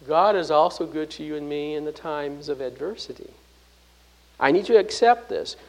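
A man with a high voice preaches through a scripture passage. He leans hard on key phrases, then drops to a low, soft tone, and he often repeats or restarts his words as he goes. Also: rough recording. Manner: swings between loud stresses and low soft drops. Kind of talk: expository sermon.

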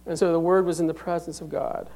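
A middle-aged male pastor with a notably high-pitched voice delivers a sermon. He presses each point hard, rising loud on key words and dropping to a hush to let them land. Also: flat delivery, fast. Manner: emphatic preaching with sharp swings from loud to hushed.

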